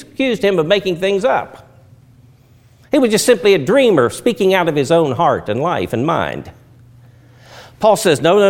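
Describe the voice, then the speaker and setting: Animated male preacher, lively pitch. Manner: animated preaching with emphatic rises and drops. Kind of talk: sermon.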